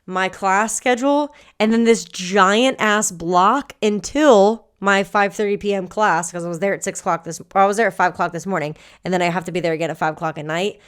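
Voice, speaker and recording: A woman co-hosting a casual fitness podcast, her voice smooth and clear at a medium pitch. She is blunt and teasing, rattles along quickly and swears freely. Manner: blunt, profane, teasing, rapid. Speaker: podcast co-host, coach. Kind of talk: casual chat.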